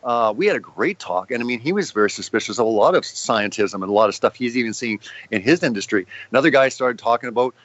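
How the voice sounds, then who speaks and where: A man, a guest filmmaker, talking in a casual interview and telling animated stories with quoted exchanges. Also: medium pitch, highs cut off. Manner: fast, animated storytelling with acted quotes.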